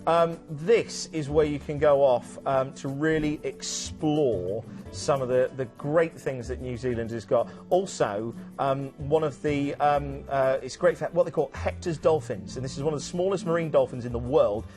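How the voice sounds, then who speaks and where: A man's voice: mid-range voice, moderate pace, hardly any pauses, darkish tone, faint music behind. A man presenting a TV cruise show in a chatty, enthusiastic sales manner, with many ums and restarts. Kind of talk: enthusiastic travel sales chat.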